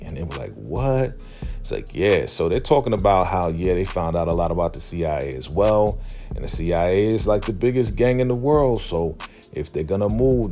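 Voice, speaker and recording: A man's voice: low voice, a little mellow. A man casually recapping a TV episode, loosely retelling scenes and slipping into the characters' lines with "he's like" and "man.". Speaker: TV recap vlogger.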